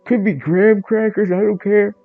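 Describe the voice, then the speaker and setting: A man's voice: high-pitched, fairly even intonation, normal speed, creaky, no room sound, narrow, tinny audio, pitched above the performer's own voice. A man doing a whiny, cracker-obsessed cat. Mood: whiny, pleading. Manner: whiny, loud and insistent. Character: dim, food-obsessed male cat begging for crackers.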